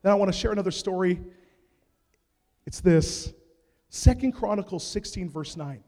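High-voiced preacher man in a reverberant hall. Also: moderate pace. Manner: animated storyteller, swings from hushed asides to shouts. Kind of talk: sermon storytelling. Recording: long reverb of a large hall.

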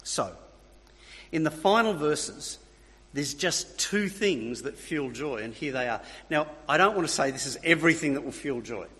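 A man's voice: on the high side, lively intonation, moderate pace, sharp tone, breathy edge. A man preaching a sermon, emphatic, repeating key phrases and checking in with his listeners. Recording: long reverb of a hall.

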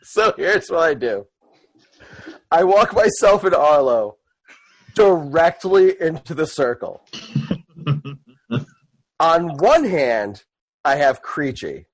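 A man's voice: fairly high pitch, sing-song, takes it slowly, pauses often, rough recording. A man playing a tabletop game, describing his character's moves and laughing often. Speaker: player.

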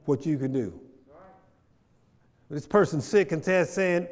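A man's voice: mid-range voice, expressive, normal speed, long pauses, a little mellow. Fervent man teaching in an echoing church. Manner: builds from conversational to fervent preaching; asks the room questions, repeats phrases. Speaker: Bible study teacher. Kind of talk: church teaching with call and response.

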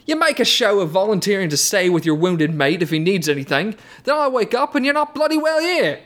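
A man's voice: high-pitched, big pitch swings, brisk, a bit bright, voice pushed up. A man voicing a teasing young British man with a put-on British accent, berating his friend. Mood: mocking. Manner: rowdy, teasing.

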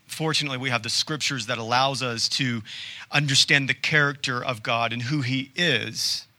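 A man who is a pastor, preaching a sermon in a conversational way with rhetorical questions and dramatic pauses. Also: on the high side, pushed and bright.

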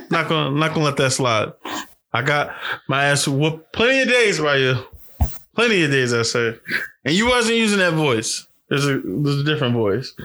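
A young man hosting a podcast, telling stories in animated, profane casual chat with frequent restarts. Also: medium pitch. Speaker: podcast host.

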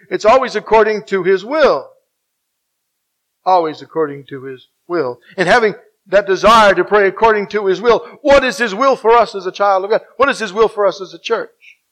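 Emphatic high-voiced preaching man. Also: a bit bright. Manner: preachy, emphatic, rising on key points and slowing to stress scripture; asks the congregation to finish verses. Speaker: pastor. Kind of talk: sermon.

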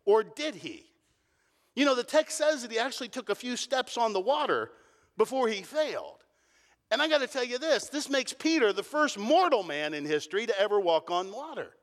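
A middle-aged man preaching a sermon as a pastor, telling the story with emphatic repetition and lively build-ups. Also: extremely high pitch, moderate pace. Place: church sanctuary. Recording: long reverb of a large hall.

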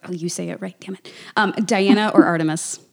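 A woman's voice: on the low side, steady tone, fairly quick, gravelly. A woman co-hosting a podcast, playful and giggly, rambling through a quiz and sign-off. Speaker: podcast co-host. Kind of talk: casual podcast chat.

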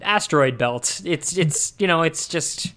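A man's voice: fairly high pitch, animated, measured pace, fairly bright tone. A man co-hosting a podcast in casual chat, thinking aloud with wry, joking asides. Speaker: podcast co-host.

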